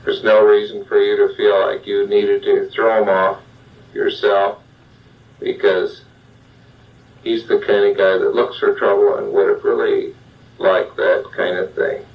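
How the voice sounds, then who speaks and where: An older man, a psychologist, giving a measured self-help talk straight to the listener. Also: on the low side, flat delivery. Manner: plain, measured, addresses the listener directly. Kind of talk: slow guided self-help monologue. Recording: dull lo-fi sound, distant from the mic.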